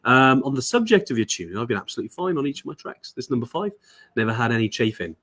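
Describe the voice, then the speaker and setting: A man's voice: mid-range voice, sing-song, very fast, fairly bright tone. A man hosting a casual live stream, chatty and full of fillers, reading viewer comments aloud. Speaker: live show host.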